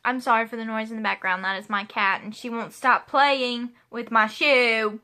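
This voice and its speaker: Bright chatty young woman vlogger. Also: a little high, fairly even intonation, moderate pace. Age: 20s. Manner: chatty, rambling, laughs and asides. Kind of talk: casual chat answering a question tag. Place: home room with a pet playing.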